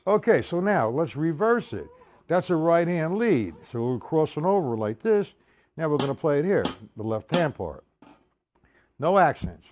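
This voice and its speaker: A man's voice: on the high side, sing-song, normal speed, over loud music. A man teaching a drum lesson, explaining patterns step by step and counting sixteenth notes aloud. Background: drum kit playing.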